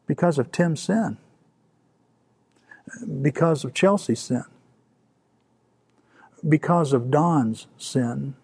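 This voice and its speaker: A middle-aged man preaching a sermon as pastor, dropping to soft, quiet lines and rising for emphasis. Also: on the high side, slow pace, pauses often, husky.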